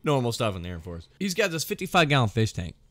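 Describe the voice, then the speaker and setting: A man's voice: mid-range voice, big pitch swings, fast, fairly bright tone. A young man and former military firefighter, telling rambling, wry stories in a casual vlog. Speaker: firefighter storyteller.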